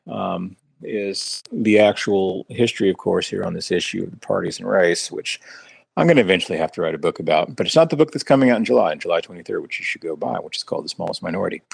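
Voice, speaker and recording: Low gravelly man, halting and sardonic. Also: dry recording. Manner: measured, hesitant, with many ums and sardonic asides. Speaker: podcast co-host and writer. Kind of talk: casual political discussion.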